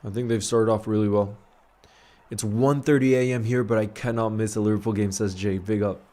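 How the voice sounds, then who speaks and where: With a fairly low pitch, fairly even intonation, and a slightly fast delivery, a man who grew up largely in New York hosts a live football watch-along. He reacts to the match, reads out viewer messages, and chats in a laid-back, chummy way, calling viewers "bro" and giving shout-outs.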